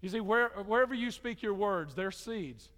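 A male pastor with a notably high voice preaches in a church hall, and his words ring out with a long reverb. He talks in a loose, conversational way, then swells into emphatic, repeated exhortations. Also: animated, normal speed, fairly bright tone. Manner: conversational, rising to emphatic repetition. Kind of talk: sermon.

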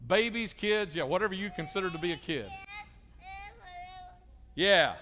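A middle-aged pastor gives a children's sermon, coaxing the kids with lively questions. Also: male voice, high voice, measured pace. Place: church sanctuary. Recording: long reverb of a large church hall.

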